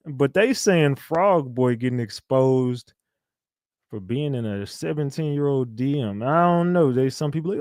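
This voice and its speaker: A man's voice: mid-range voice, measured pace, darkish tone, no room sound, studio quality. A man hosting a casual livestream, bantering loosely and reacting to his chat. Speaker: livestream host.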